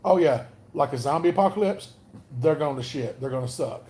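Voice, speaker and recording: A man with a Southern Alabama accent talks in a loose, rambling way as he hosts a livestream chat. His voice sits a bit high for a man and has a mellow, warm tone. He keeps stopping to greet viewers by name. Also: expressive, brisk. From North Alabama. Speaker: livestream host.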